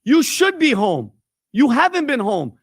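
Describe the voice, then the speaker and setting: A man speaks on a panel in a played clip, blunt and insistent as he pushes his point. His voice is unusually high for a man. The recording is dry and close. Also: huge pitch swings, measured pace, no room sound. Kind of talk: opinionated panel talk.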